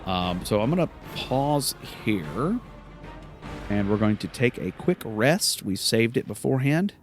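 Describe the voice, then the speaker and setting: A man's voice: lowish voice, very animated, measured pace, faint music behind. A man hosting a let's play, giving casual gameplay commentary, rambling and correcting himself with many fillers.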